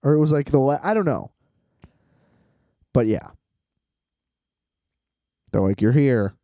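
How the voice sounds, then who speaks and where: A man's voice: medium pitch, sing-song, slow pace, warm tone, dry recording, studio quality. A tired man rambling in a solo vlog from a hotel room, exasperated, swearing and laughing often. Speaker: vlogger.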